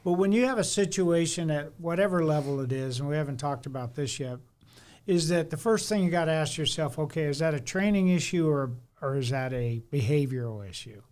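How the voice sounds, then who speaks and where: A man's voice: a little high, darkish tone. A middle-aged man, a former fire chief, telling workplace stories in casual podcast talk and acting out both sides of the conversations.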